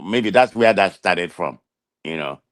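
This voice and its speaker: A man's voice: low-pitched, a little slow, dry recording, studio quality. A man with a thick Nigerian accent and a nasal voice, chatting on a talk show and defending himself with lots of restarts. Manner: defensive, animated, restarts often. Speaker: guest. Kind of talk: casual chat. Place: America.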